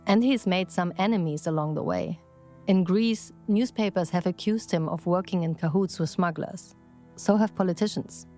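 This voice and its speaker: A woman reporter narrating an investigative news piece in a measured, even delivery. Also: medium pitch.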